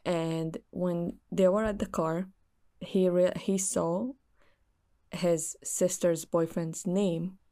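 A woman's voice: lowish voice, fairly even intonation, takes it slowly, mellow. A young woman earnestly recounting a friend's story in casual chat.

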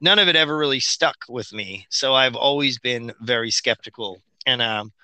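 A man with a very bright, crisp voice talks casually as a guest, telling long rambling stories. He mimics and mocks the voices he quotes. The sound is dry and close. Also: mid-range voice, normal speed, dry recording. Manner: rambling, storytelling, mocking quotes. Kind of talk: casual conversation.

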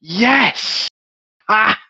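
A man's voice: sits high, expressive, extremely slow, sharp tone, breathy edge, dry recording, voice pushed up, exaggerated voice. Man doing warrior, jubilant, dry, dull sound.

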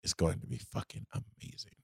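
A man co-hosting a casual anime podcast, talking loosely with slang and swearing, acting out quick quotes from the shows. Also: dark tone, no echo, clean studio sound. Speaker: podcast co-host.

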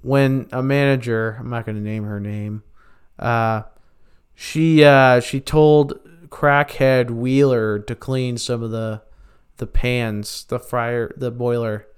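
A man rambles through a casual story about an old job at a slow, unhurried pace. He stops and restarts often and fills gaps with ums and uhs. His voice is very smooth and clear, with a middle pitch. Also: fairly even intonation. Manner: rambling, halting, full of fillers and restarts. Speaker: storyteller, former fast-food worker.

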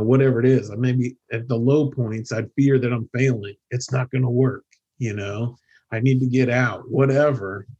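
A man hosting a podcast, talking in a relaxed, friendly, conversational way. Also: medium pitch, husky. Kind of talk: casual chat.

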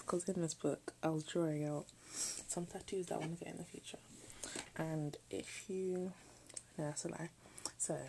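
A woman's voice: lowish voice, vocal fry, slight background noise, poor audio. A teenage girl chatting casually late at night in her bedroom, rambling and often dropping into half-whispers. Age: late teens. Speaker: vlogger.

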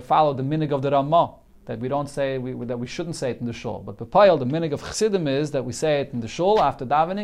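A man's voice: mid-range voice, gravelly, darkish tone. A man teaching a Talmud class, reading each phrase of the text and explaining it in English, often restarting his sentences. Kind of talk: Talmud lesson, translating Hebrew and Aramaic phrase by phrase.

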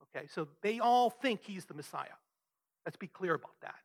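A pastor preaches a sermon in a high-sitting, expressive, creaky voice at normal speed. He is emphatic yet conversational, asking rhetorical questions and often checking with his listeners, "right?"

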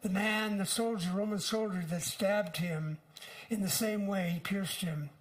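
An older man preaching a sermon in an earnest, unhurried way, with frequent pauses. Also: sits high, steady tone, low-quality recording. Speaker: pastor.

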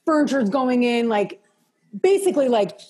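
A woman with a fairly high voice hosts a casual interview. She affirms her guest often and asks long, rambling questions with many asides. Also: animated, moderate pace, a little mellow.

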